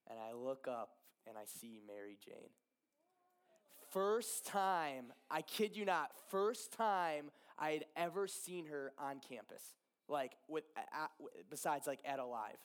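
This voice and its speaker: A man in his thirties, a pastor, telling an emotional personal story from the pulpit with lots of laughter and animated retelling. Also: medium pitch, unhurried. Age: 30s. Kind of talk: sermon storytelling.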